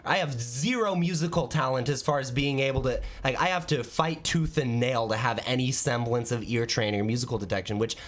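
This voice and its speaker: A man hosts a podcast in loose, casual chat. He tells stories about himself with animated, self-mocking energy and a middle-pitched voice. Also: fairly quick, few pauses. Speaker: podcast host.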